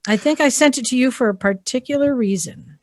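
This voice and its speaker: A woman hosting a podcast, chatting casually in a brisk, joking way. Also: sits high, darkish tone, no room sound. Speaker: podcast host. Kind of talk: casual chat.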